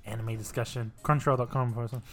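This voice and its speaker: A man's voice: mid-range voice, little pitch movement, fast talker. A man co-hosting a podcast, chatting casually and bantering with his co-host. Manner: upbeat sponsor read, then laid-back banter.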